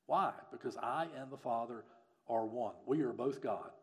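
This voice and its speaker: A man preaching a sermon as a church pastor, earnest and pleading, who builds up to loud, emphatic peaks and then drops low again. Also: normal speed. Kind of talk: sermon and closing prayer.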